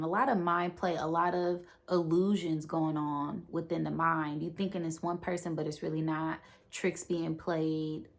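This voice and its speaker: A woman with a fairly low voice recaps a movie in a loose, rambling way. She keeps adding filler words and slips briefly into the characters' lines. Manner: rambling, with many fillers and acted-out quotes. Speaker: movie reviewer.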